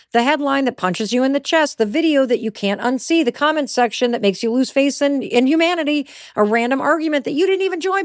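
A woman's voice: sits high, no echo. Brief: middle-aged woman, motivational podcast host, blunt and conversational, dry studio sound. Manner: candid, emphatic, conversational.

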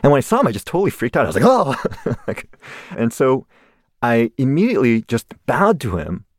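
A man's voice: mid-range voice, very animated, quick pace, no echo, studio quality. A man in his forties from the United States, a guest in an interview telling a personal story animatedly and laughing along the way.

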